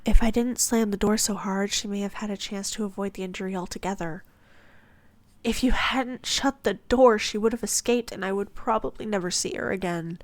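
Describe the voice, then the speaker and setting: A woman voicing a gentle, shy young woman healer who speaks in a soft, reassuring way. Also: mid-range voice, normal speed, no echo, lightly acted.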